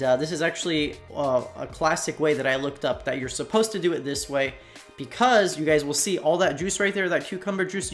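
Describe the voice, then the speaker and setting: A man's voice: fairly high pitch, fairly bright tone. Chatty man narrating a cooking voiceover. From Slovakia. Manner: casual, chatty, addresses viewers as "you guys". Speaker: cooking channel host. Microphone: voiceover recorded separately from the video.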